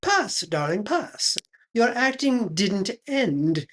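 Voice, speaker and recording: A woman's voice: mid-range voice, sing-song, takes it slowly, fairly bright tone. A woman playing a pompous aristocratic lady who hosts a chat show, affected and drawling, dropping French phrases. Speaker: host.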